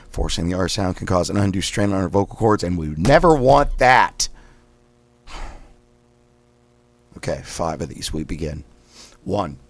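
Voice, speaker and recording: A man hosting a guided voice exercise lesson, calmly counting through repetitions between loud, sharp drill sounds. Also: low-pitched. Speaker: host leading daily voice exercises.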